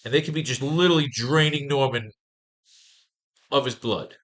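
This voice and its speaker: A man of medium pitch and normal speed, his tone a bit bright, leads a writing class. As he maps out comic pages and reads panels aloud, his talk stays casual and laced with swearing.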